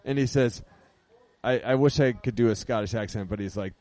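A man's voice: mid-range voice, brisk, a little mellow, dry recording. A man hosting a live radio show, talking casually, rambling and correcting himself, laughing at his own jokes. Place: radio studio. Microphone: studio microphone.

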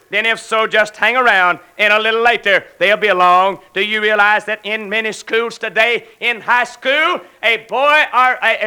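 A man's voice: very high-pitched, sharp tone, smooth. A man preaching a fiery sermon, declaiming and hammering his listeners with rhetorical questions, on an old recording.

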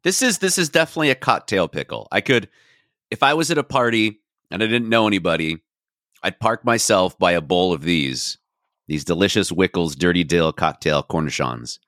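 A man's voice: fairly low pitch, sing-song, a little fast, fairly bright tone, no echo, studio quality. A man co-hosting a podcast in easygoing, playful casual chat. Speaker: podcast co-host.

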